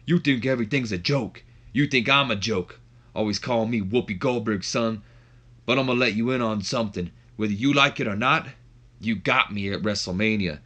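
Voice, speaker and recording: A man putting on a raspy voice as a proud male wrestler talking tough in street slang. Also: fairly low pitch, normal speed, bright, forceful tone, highs cut off. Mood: defiant.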